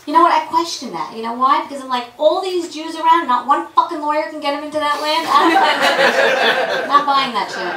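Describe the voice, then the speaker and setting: A woman's voice: high voice, moderate pace, pushed and bright. A woman, doing a brash, crude, conversational stand-up set in a comedy club. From Brooklyn, New York. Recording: roomy club from a distant mic, noisy.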